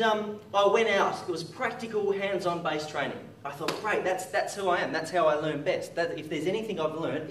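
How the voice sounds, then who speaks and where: A young Australian man giving a lively storytelling talk, acting out the lines of people in his story. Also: on the high side, slight background noise. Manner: lively anecdotal storytelling with acted-out quotes. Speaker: motivational speaker. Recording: echoey hall from far off.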